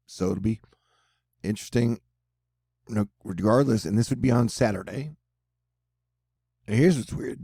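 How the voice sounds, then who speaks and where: A Texan man chats his way through tropical storm forecasts in a dark, gravelly voice, cracking odd jokes as he goes. The sound is dry and close, like a home setup. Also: lowish voice, no echo. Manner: joking, rambling, offbeat asides. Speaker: weather video host. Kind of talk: casual storm-tracking commentary over forecast maps.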